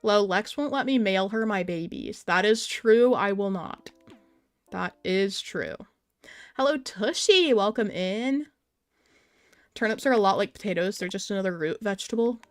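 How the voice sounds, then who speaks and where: A woman's voice: medium pitch, expressive, moderate pace, no echo. A young adult woman hosting a casual live stream, chatting while she plays and answering her viewers' messages aloud.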